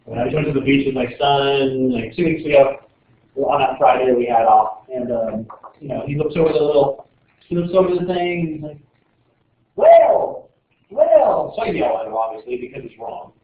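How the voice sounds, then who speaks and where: A man's voice: medium pitch, brisk. A man teaching a biology class, joking and rambling as he lectures, recorded from the back of a classroom. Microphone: far camera. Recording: distant, echoey, tinny classroom camera audio.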